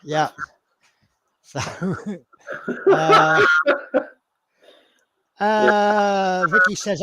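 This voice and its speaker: A man's voice: a little high, animated, moderate pace, heavy background noise. A man hosting a live model-building stream, chatting in a rambling, self-mocking way. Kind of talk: casual live-stream chat.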